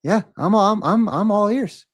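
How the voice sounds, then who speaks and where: A man's voice: high voice, normal speed. A man hosting a livestream, talking casually and mockingly challenging a troll in the chat. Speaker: livestream host.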